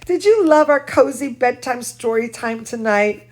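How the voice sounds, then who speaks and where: A young woman, a dance teacher, chatting at bedtime with a puppet in an animated, sing-song way. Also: a little high, moderate pace. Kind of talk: bedtime story chat with a puppet.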